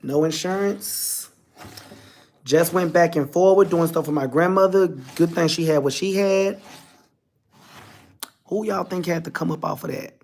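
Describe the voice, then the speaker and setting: A man's voice: on the high side, moderate pace, a little mellow. A man, telling a personal story to his viewers, candid and emotional, speaking to them directly. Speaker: vlogger.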